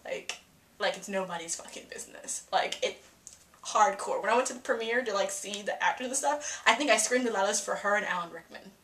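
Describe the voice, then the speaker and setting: A young woman giving a casual, profane movie reaction vlog, excitable and acting out her reactions. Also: mid-range voice, fairly quick. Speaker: film reviewer. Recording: echoey room.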